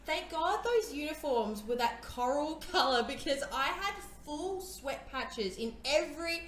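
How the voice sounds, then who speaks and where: A woman's voice: high-pitched, expressive, unhurried, fairly bright tone. A woman co-hosting a podcast, chatting casually, backing up her co-host and laughing often. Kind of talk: casual chat. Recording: echoey room with faint noise.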